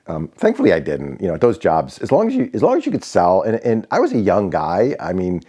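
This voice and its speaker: A man's voice: fairly low pitch, big pitch swings, brisk, few pauses, dark tone. A man in his sixties from Connecticut, telling stories casually with many fillers and restarts. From Connecticut, USA. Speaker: vlogger. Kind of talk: casual storytelling.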